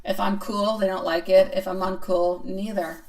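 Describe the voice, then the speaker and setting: A woman's voice: mid-range voice, flat delivery, moderate pace, darkish tone. Chatty woman tarot reader, distant mic. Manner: chatty, playful, self-mocking, answers chat comments. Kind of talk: live-stream tarot reading.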